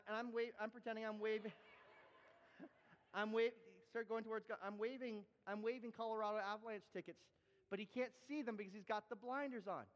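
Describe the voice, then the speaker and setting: A man with a very high voice preaches animatedly to his congregation and often repeats and restarts his phrases. The sound is dull and carries a long hall echo. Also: fairly bright tone. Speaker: pastor. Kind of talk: sermon with props and demonstrations. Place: church hall.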